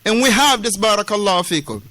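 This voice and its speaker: A man's voice: sits high, expressive, fast, sharp tone, no room sound. A man from West Africa giving a lesson in a mosque, emphatic, repeating key phrases and mixing street slang with Arabic terms, acting out the quoted dialogue. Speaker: Islamic lecturer. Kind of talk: mosque lesson explaining a classical text.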